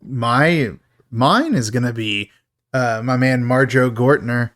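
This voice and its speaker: A man's voice: medium pitch, slow, fairly bright tone, dry recording, clean studio sound. Jokey man recapping a horror movie. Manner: jokey, recaps plot with fillers. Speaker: podcast co-host. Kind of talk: casual movie recap chat.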